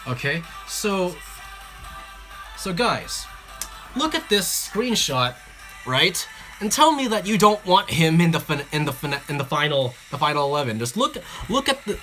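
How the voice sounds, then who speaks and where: Excitable, chatty livestream host. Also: mid-range voice. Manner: excitable, chatty, many fillers and restarts, giggly. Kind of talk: casual livestream commentary. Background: faint background music.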